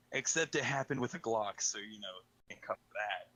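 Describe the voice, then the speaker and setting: Bright-voiced man with dark humor. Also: lowish voice, expressive, moderate pace, husky, poor audio. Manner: dark-humored, laughs often. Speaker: podcast host. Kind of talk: casual podcast chat.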